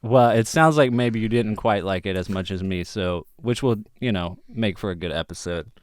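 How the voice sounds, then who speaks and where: A man's voice: lowish voice, normal speed, smooth, no room sound, studio quality. A man hosting a podcast in casual chat, easygoing, laughing often and using many fillers. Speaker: podcast host.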